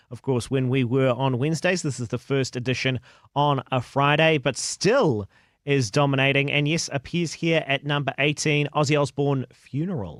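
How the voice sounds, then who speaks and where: A man's voice: mid-range voice, no echo, studio quality. A man co-hosting a casual news chat, easygoing and laughing along. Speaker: radio co-host.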